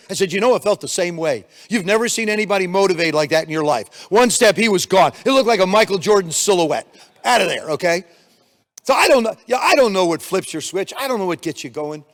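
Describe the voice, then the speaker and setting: An older man giving a motivational keynote speech, energetic storytelling with acted-out quotes, in a conference room on a handheld mic. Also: high voice. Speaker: keynote speaker. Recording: long reverb of a hall.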